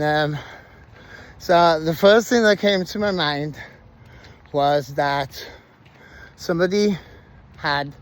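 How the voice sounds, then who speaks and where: A man telling his own story in a casual, animated way, swearing freely and using slang. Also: a little high.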